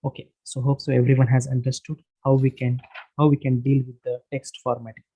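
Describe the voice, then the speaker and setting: A man leads an online screen-share lesson, walking through each step with frequent pauses, fillers and restarts. His voice is mellow and a little husky, at a middle pitch. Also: flat delivery, low-quality recording. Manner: halting, many fillers and restarts, explains step by step. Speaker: workshop instructor. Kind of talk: screen-share tutorial lecture. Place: online session, voice from his own room.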